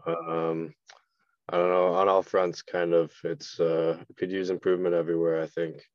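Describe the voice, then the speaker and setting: A man's voice: low-pitched, level tone, moderate pace, no room sound, highs cut off. A man from Canada, a contractor guest on a podcast, speaking in a hesitant, subdued way with many ums. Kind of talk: casual interview talk.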